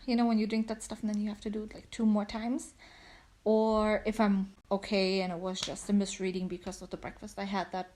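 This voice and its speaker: A woman's voice: medium pitch, darkish tone. A young woman chatting casually at home, a little out of breath, rambling with lots of "like"s. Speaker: vlogger. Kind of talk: casual chat. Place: at home on a couch.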